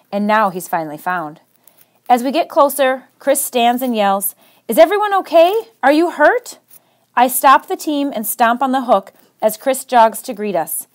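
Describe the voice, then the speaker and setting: Female storybook reader, high voice, steady and expressive radio narration. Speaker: reader on a radio book show. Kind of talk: reading a children's novel aloud.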